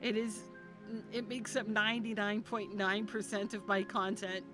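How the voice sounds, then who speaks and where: A woman's voice: medium pitch, fairly even intonation, normal speed. A woman game streamer chatting casually on a live stream, gushing and affectionate with her viewers. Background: game music.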